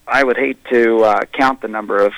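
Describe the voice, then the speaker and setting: A man speaking as a high school wrestling coach in a radio interview, frank and self-critical about his team, in a plainspoken way. His voice sits at an ordinary middle pitch and sounds close and dry with no room echo. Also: steady tone, normal speed, a bit bright, lo-fi sound.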